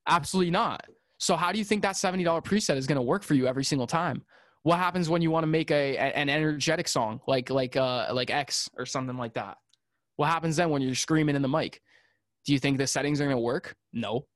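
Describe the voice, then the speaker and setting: A man's voice: fairly high pitch, quick pace, fairly bright tone, no room sound, studio quality. A man talking as a podcast guest about audio engineering, in casual chat that rambles with many fillers and restarts and turns emphatic.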